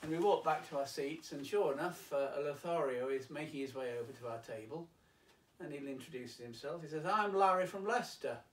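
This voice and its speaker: A man's voice: mid-range voice, darkish tone. Man reminiscing in an echoey room. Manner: reminiscing, unhurried, with fillers. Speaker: storyteller and pianist. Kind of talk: casual storytelling. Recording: roomy, distant, faint piano.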